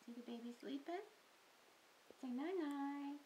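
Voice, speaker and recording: A woman's voice: sits high, unhurried, long pauses, heavy background noise. An older woman reading a picture book to a baby at home, in sing-song baby talk with growls and animal noises, recorded on a home video camera.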